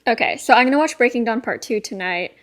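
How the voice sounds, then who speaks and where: Brief: young woman podcast co-host, giggly rambler, a bit high-pitched. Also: expressive, fast talker. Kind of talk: casual chat.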